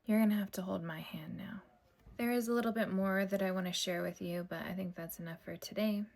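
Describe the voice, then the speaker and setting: A woman hosting a storytime video who talks to viewers in a soft, intimate, confiding way. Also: medium pitch, steady tone, fairly quick, vocal fry. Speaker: storytime host.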